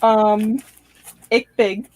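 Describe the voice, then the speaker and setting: A woman's voice: mid-range voice, little pitch movement, extremely slow, a little mellow, a little hiss or hum. Dry-humored woman chatting on a stream. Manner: dry, joking. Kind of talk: casual livestream chat.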